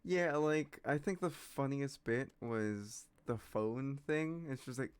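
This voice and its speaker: A woman's voice: rumbling low, takes it slowly, few pauses, darkish tone, clear, resonant tone. A woman game master chatting casually with her players before a tabletop session, easygoing and reassuring. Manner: easygoing, reassuring, lots of fillers.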